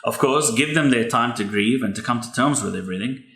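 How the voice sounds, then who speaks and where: A man's voice: medium pitch, brisk, a bit bright. A man, a pastor's son hosting a podcast, giving earnest, heartfelt advice about grief. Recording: echoey room.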